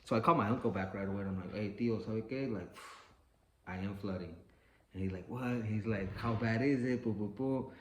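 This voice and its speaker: A man's voice: lowish voice, fast talker, hardly any pauses. A man casually telling a personal story, swearing freely and acting out the voices of the people in it. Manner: animated, profane, acts out quoted voices. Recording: echoey room with faint ambient noise.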